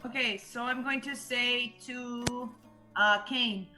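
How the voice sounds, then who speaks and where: A woman playing a tabletop game, asking quick curious questions. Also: a little high, steady tone, music in the background. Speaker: player. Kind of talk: casual tabletop game play.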